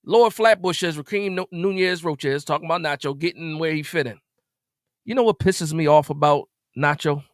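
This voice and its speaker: A man hosting a live stream, ranting in an exasperated way after a game, repeating himself and jumping suddenly louder. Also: a little high, lively intonation, moderate pace, no echo, clean studio sound. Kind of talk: animated post-game rant.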